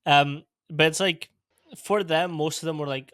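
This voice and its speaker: A young Scottish man chatting casually as a podcast host, laid-back and quick to laugh. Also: a little high, fairly bright tone, no echo, clean studio sound. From Scotland. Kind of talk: casual interview chat.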